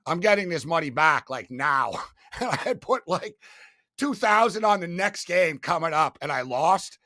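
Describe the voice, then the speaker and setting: A man guesting on an interview, telling stories in a casual, animated, profane way, swinging between loud and soft. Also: on the high side, normal speed, no room sound, clean studio sound. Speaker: guest, sports betting media host.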